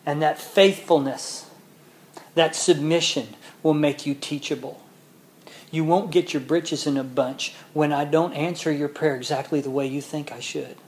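A man preaching a sermon, reading scripture slowly and building to loud, emotional peaks before dropping back to a quiet, measured tone. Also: a little high, fairly even intonation, a little hiss or hum.

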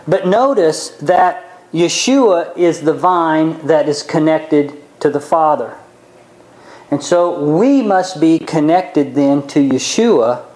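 A man preaching a sermon, reading scripture aloud and explaining it, slowing down and stretching key words. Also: fairly high pitch, a little mellow, low-quality recording.

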